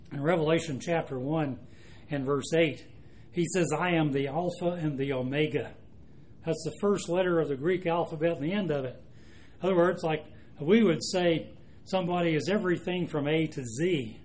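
A man preaching a sermon, speaking emphatically and slowing down to stress quoted scripture. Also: fairly high pitch, darkish tone, slight background noise.

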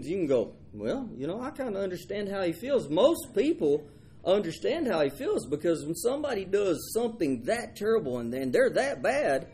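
A man's voice: high-pitched, warm tone, a little hiss or hum. A man preaching a folksy sermon. He stumbles over and repeats his words and acts out the people in the story.

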